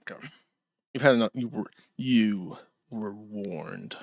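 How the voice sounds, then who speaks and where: A man's voice: on the low side, expressive, takes it slowly, creaky, no echo, clean studio sound. A man hosting a live stream, delivering sardonic and profane commentary. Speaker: streamer host.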